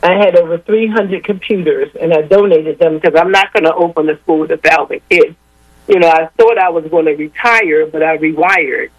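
A woman's voice: deep voice, moderate pace, no echo, dull audio. An older woman speaking as a guest in a radio interview, talking emphatically and repeating her points. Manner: emphatic, repetitive, rallying. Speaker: guest, education advocate.

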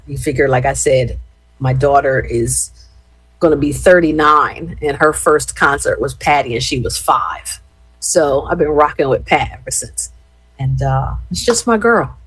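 A woman in her fifties from Philadelphia, chatting casually with her live-stream viewers as an animated, expressive storyteller. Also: low-pitched, husky, no room sound, poor audio. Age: 50s.

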